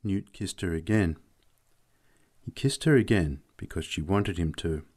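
Slow, low-voiced male storyteller. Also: a little mellow. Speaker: narrator. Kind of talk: audiobook narration.

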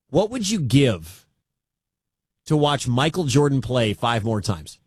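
A man's voice: medium pitch, slightly rough, no echo. A man hosting a sports radio show, talking in an emphatic way and repeating his key points.

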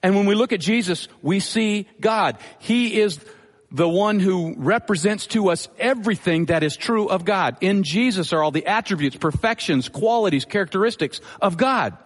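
A male pastor preaches a sermon in a measured, teaching manner, pressing his key phrases through repetition. His voice sits a little high for a man. It carries a long reverb, as in a large hall. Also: animated.

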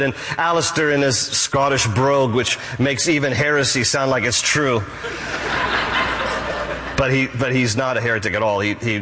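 A male pastor preaches with a fairly high voice for a man, hammering home short lines and repeating them for emphasis. His voice rings out with a long reverb, as if he were heard across a large hall. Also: fairly bright tone. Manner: emphatic, repeats key phrases. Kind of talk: sermon.

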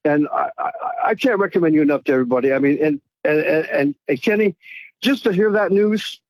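A man's voice: a little high, a little fast, a little hiss or hum. A man calling in to a radio show, emotional and effusive, stumbling over repeated words. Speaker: caller. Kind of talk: call-in radio talk.

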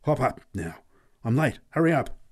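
A man's voice: mid-range voice, very animated, moderate pace, a little mellow, lightly acted. A man voicing a short-tempered older milk carter who barks and swears. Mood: angry. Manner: curt, snapping, swearing.

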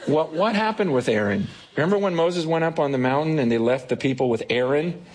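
A man preaching a sermon as pastor, animated and acting out the voices he quotes. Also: on the high side, fairly quick, a crowd in the background.

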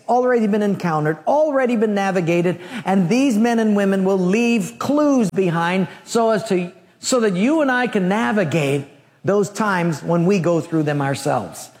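A man preaching a sermon, telling a Bible story in an animated way with humorous asides. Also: high voice, normal speed, big-room sound. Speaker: pastor.

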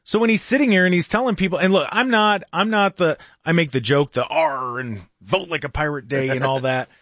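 A man hosting a casual political talk radio show in a studio, animated and mocking, with jokey asides. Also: a little high, a little fast, no echo.

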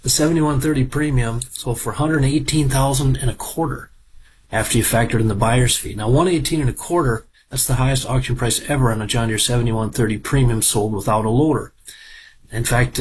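A man's voice: medium pitch, slight background noise, low-quality recording. A middle-aged man from Minnesota giving a casual, folksy report on farm equipment auction prices, wandering into asides along the way. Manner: folksy, digressive, with fillers.

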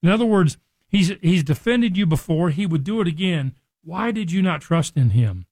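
A man with a slightly high voice teaches scripture on a radio program. He speaks earnestly and conversationally. The sound is dry and close, with no room echo. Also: animated, moderate pace, a little mellow. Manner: earnest, acts out quoted speech with rising emphasis.

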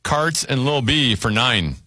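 A man hosting a word game show, briskly announcing scores, clues and whose turn it is. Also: mid-range voice, lively intonation.

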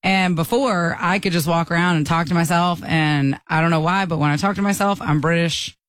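A woman's voice: on the low side, steady tone, brisk, dry recording. A woman guest in casual group banter, talking chattily.

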